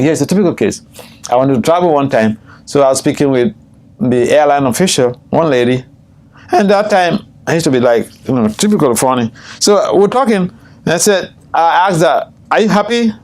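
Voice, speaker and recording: An older man, a swami, teaching a scripture class, telling stories with frequent chuckles and jumping high in pitch when quoting people. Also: darkish tone. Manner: storytelling, chuckles often, jumps high in pitch for quoted speech. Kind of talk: scripture class with personal anecdotes. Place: temple room.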